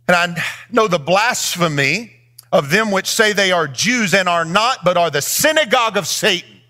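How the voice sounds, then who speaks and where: A man preaching in a church with a high, bright voice that swoops widely in pitch. He lifts his phrases into a sing-song cadence and addresses the congregation directly. It is an animated, expressive pulpit delivery. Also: normal speed. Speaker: pastor. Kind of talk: sermon.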